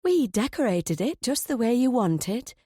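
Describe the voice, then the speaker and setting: Woman reading as an older landlady, sweetly motherly and unsettling; mellow, dry audiobook read. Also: on the high side, big pitch swings, a little slow, breathy edge, dry recording, heavily acted. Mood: coaxing. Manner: coaxing, motherly.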